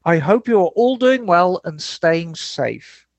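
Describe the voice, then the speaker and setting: A Glaswegian man writing in to the show, his brogue slow and laid on thick, as a man puts it on. The voice sits high and light. It is recorded close and dry, with no room behind it. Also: lively intonation, no echo, full character voice. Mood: mock-Scottish. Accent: put-on Scottish.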